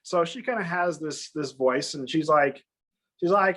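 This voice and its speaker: A man with a fairly high voice tells a personal story in a relaxed, chatty way. He gets animated and acts out the lines of people in his story, raising his voice for them. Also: unhurried. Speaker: guest. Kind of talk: casual storytelling.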